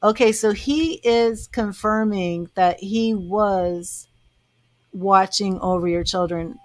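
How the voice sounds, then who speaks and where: A woman psychic medium on a live stream, speaking slowly in a halting, searching way as she describes what she is shown. Her voice sits at a middle pitch, and the sound is dry and close with no room echo. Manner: halting, searching, trails off as she relays images.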